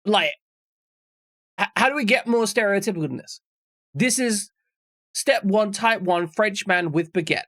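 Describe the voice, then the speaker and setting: Gravelly rambling male streamer. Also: high-pitched, measured pace, pauses often, a bit bright, no echo, studio quality. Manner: rambling, jokey, swears freely. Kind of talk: casual chat with stream viewers.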